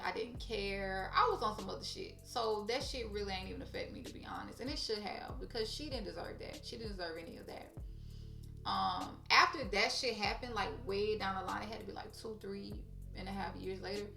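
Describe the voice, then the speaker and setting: Blunt cussing woman telling a story to her viewers, some vocal fry, echoey room, mic kinda far. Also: medium pitch, normal speed, pushed and bright. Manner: profane, blunt, speaks straight to viewers. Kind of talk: casual storytime chat. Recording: roomy echo, off-mic, faint music.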